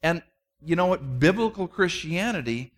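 Conversational male preacher, slightly high voice. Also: expressive, normal speed. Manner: conversational, self-deprecating, many restarts, acts out quotes. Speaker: pastor. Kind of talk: sermon.

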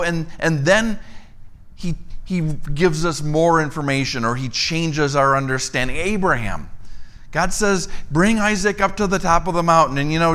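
A man preaching a sermon, telling a story and acting out the dialogue in a lively voice. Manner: animated storyteller, acts out dialogue with rising pitch. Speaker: pastor.

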